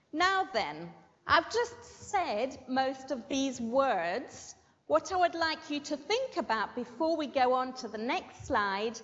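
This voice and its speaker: A woman teaching an English vocabulary and pronunciation lesson, slowly stressing syllables and checking in with "okay?". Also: high-pitched, fairly bright tone. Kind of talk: classroom language lesson. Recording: muffled with long hall reverb.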